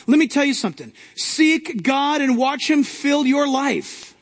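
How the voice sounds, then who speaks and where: High-pitched preaching man in a hall. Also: normal speed, few pauses. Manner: emphatic preaching with rising outbursts. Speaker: pastor. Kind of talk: sermon.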